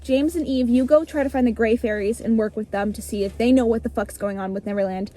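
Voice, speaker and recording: A woman's voice: on the high side, fairly even intonation, fast talker, mellow, close to an everyday voice. Woman voicing blunt rule-breaking fairy leader. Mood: urgent. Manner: blunt, bossy, swears. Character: bold fairy woman who breaks rules, urgent leader.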